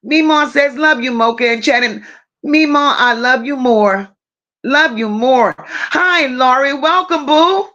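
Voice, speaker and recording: Woman hosting a livestream, high voice, calls everybody baby and boo, kinda dull lo-fi audio. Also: unhurried, sharp tone. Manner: greets viewers one by one with pet names like baby and boo. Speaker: livestream commentary host. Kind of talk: casual livestream chat.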